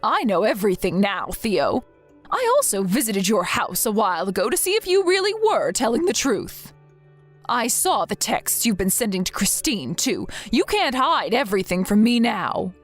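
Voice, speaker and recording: A woman's voice: medium pitch, sing-song, normal speed. A woman reading the lines of a worried mother-in-law who scolds her son, in a scripted text-message story. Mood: scolding. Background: faint background music.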